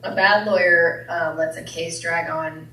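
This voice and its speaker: A woman's voice: fairly low pitch, fairly even intonation, a little slow, sharp tone. A woman minister giving a playful sermon with jokes, often asking the congregation questions. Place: church hall. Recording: echoey hall from a distance.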